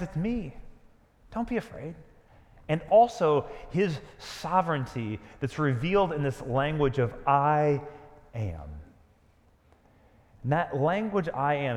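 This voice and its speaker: A man preaching a sermon, dramatic and conversational, dropping to a hush on key lines. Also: medium pitch, long reverb tail. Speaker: pastor.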